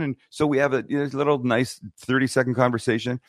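A fast-talking middle-aged man with a mid-range voice, a TV and YouTube cooking host, is a guest in a casual interview. Recorded in a podcast studio on a studio microphone with no echo, he tells stories bluntly and animatedly, playing the characters' lines.

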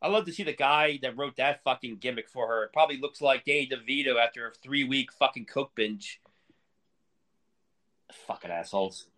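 A man's voice: mid-range voice, normal speed, bright, forceful tone. Heated, profane man ranting. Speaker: podcast co-host. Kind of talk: casual profane rant.

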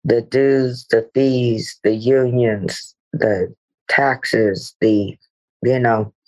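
A woman's voice: extremely low pitch, fairly even intonation, drawn-out words, a little mellow, rough recording. A middle-aged woman, a guest actress, speaking reflectively in a podcast interview with meandering "you know" asides.

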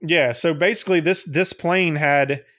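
A man's voice: on the high side, normal speed, a bit bright. A man co-hosting a podcast in casual chat, rambling and profane, laughing often. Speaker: podcast co-host.

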